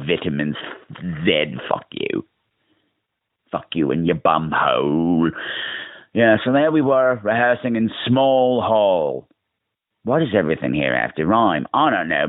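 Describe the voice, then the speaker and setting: An American man telling a story in a voicemail to himself. He is campy and theatrical and swears a lot, and his voice swoops up and down a lot in pitch. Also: no room sound. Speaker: podcast host. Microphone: phone. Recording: tinny phone-line voicemail.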